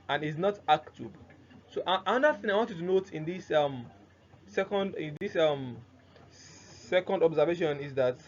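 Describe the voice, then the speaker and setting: A man teaching grammar, who keeps posing "what?" questions and answering them himself, repeating the key terms. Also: on the high side. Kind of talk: explanatory lesson. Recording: dull lo-fi recording with faint noise.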